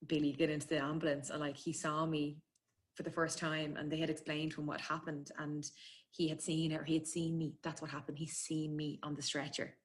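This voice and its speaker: A woman's voice: low-pitched, little pitch movement. An Irish woman chatting freely as a guest, telling a personal story with feeling and frequent laughs. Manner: chatty, emotional, quick to laugh.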